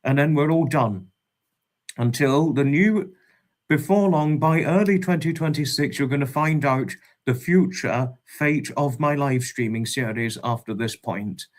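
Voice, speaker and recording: A man hosting a casual livestream, greeting viewers by name with fond, repeated hellos in a drawn-out way. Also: medium pitch. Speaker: livestream host.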